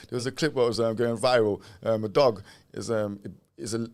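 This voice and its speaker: A man co-hosting a live podcast in a studio, joking loosely with plenty of ums and quick shout-outs. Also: mid-range voice, steady tone. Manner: playful, loose, lots of ums and joking asides. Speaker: podcast co-host. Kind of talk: casual live-stream chat.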